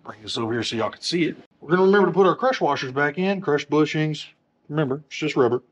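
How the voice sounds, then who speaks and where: A man's voice: on the high side, expressive, fast, highs cut off, slight background noise. A man working as a motorcycle technician, talking through a wheel install in a workshop with joking, self-deprecating asides. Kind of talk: casual how-to tutorial.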